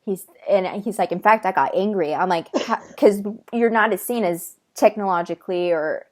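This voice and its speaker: On a video call, a woman with a medium-pitched, darkish voice talks at a moderate pace. As host she relays a channeled guest's words in casual chat, laughing often.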